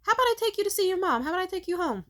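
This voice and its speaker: A woman's voice: very animated, rapid-fire, a bit bright, full character voice. A woman imitating a sweet adult caretaker who coaxes a young child. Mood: coaxing. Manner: high, sugary, coaxing.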